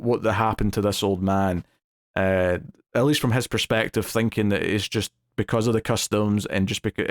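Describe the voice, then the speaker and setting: A man's voice: lowish voice, no room sound, studio quality. A man giving a casual spoken review of a TV episode, retelling scenes with acted-out quotes and lots of fillers.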